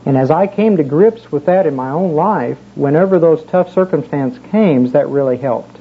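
A man's voice: on the high side, moderate pace, hardly any pauses. A man preaching a casual sermon, telling a personal story in a folksy, conversational way with many fillers. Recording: muffled with faint background hiss.

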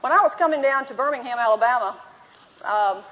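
Woman teacher, high voice, story-driven delivery playing each part herself; muffled old recording in a big echoing hall. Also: brisk, slightly rough. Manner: storytelling, acts out both sides of dialogues. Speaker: women's Bible teacher. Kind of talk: teaching talk to a women's group with anecdotes. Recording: dull lo-fi recording in a reverberant hall.

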